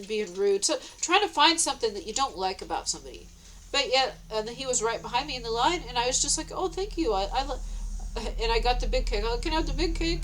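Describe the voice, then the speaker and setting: A woman with a fairly high voice tells a long, wandering story straight to camera. She giggles between phrases, backtracks and restarts, and lifts into a sweet, bright high tone whenever she quotes herself. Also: slight background noise, poor audio. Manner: meandering, with many restarts and self-corrections. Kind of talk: rambling personal storytelling vlog.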